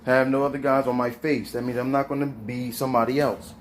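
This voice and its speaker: A man's voice: mid-range voice, little pitch movement, a little fast, slight background noise. Slangy man musing on scripture. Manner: slangy, conversational street talk. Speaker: host. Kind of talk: casual spiritual monologue.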